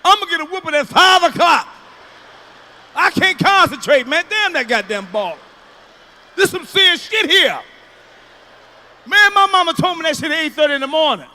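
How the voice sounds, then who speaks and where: A man works through a stand-up routine, loud and profane. His voice sits very high and comes out sharp and forceful. He tells his stories by acting out the people in them. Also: expressive, moderate pace, pauses often. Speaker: stand-up comedian. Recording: archival stand-up clip.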